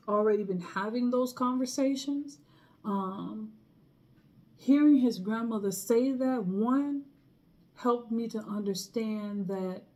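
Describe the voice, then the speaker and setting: A woman's voice: mid-range voice, warm tone. A middle-aged woman casually telling a personal story in a chatty way, acting out the people she quotes. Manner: chatty, acts out quoted people, laughs between lines.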